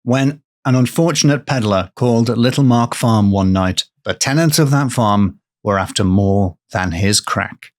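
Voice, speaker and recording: A man co-hosting a podcast, telling a folklore tale in a conversational way with wry, deadpan jokes. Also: on the low side, a little slow, hardly any pauses. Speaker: podcast co-host and storyteller.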